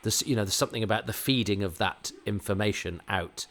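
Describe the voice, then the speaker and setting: Lowish-voiced English man with an RP accent. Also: a little fast, a bit bright. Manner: chatty, digressive, self-mocking. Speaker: podcast host. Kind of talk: watch-along commentary.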